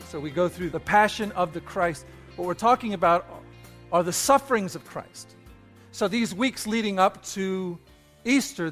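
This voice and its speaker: A man with a high voice preaching a sermon. He reads scripture with drama, pushing into loud emphasis, while faint music plays behind him. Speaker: pastor.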